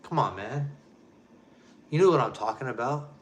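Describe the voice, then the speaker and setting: A man's voice: mid-range voice, expressive, moderate pace. Man ranting emphatically, repeating himself. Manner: emphatic, repetitive, keeps addressing listeners directly. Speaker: show host. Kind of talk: ranting monologue.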